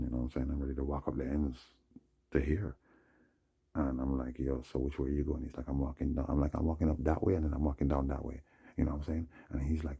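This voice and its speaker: A man's voice: rumbling low, vocal fry, mellow, husky. A man in his forties telling a long, meandering story in a slangy, casual way and often checking in with the listener. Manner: slangy, meandering, repeats "you know what I'm saying". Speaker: vlogger. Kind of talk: rambling storytelling monologue.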